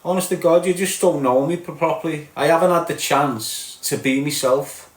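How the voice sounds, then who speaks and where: A middle-aged Liverpool man with a Scouse accent rants bluntly and mockingly at viewers on a live stream, tacking "lad" and "mate" onto his lines. His voice is a little high and moderately paced, and the recording has a roomy echo.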